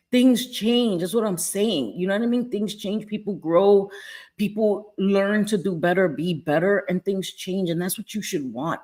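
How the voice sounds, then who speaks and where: A woman's voice: fairly low pitch, darkish tone. A woman hosting a live stream, reading the chat and talking casually, candid and emphatic, repeating her points and swearing freely. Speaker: livestream host reading chat.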